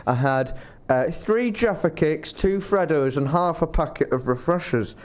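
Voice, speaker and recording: Rambling man with a higher voice. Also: unhurried. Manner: rambling, self-interrupting, laughs through his stories. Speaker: podcast guest. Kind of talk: casual storytelling.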